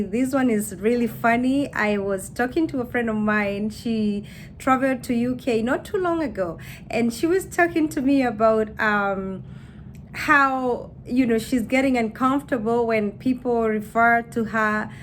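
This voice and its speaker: A woman's voice: fairly high pitch, a little hiss or hum. A woman chatting casually to her camera, laughing as she acts out what people say. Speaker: YouTuber.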